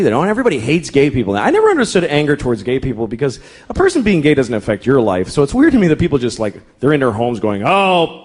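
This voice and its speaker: A middle-aged man doing stand-up comedy, profane and exasperated, jumping into quick acted-out characters. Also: medium pitch, darkish tone. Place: comedy club stage. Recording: live club set with audience laughter and noise. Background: audience laughter and room noise.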